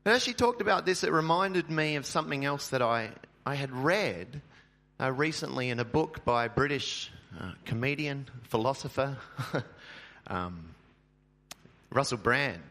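Bright-voiced joking male pastor. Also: mid-range voice, expressive, a little slow. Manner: chatty, joking, many filler ums. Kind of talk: sermon. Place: church.

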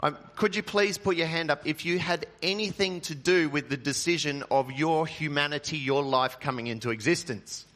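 Bright-voiced joking male pastor. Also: a little high, normal speed, hardly any pauses. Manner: chatty, joking, many filler ums. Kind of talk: sermon. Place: church.

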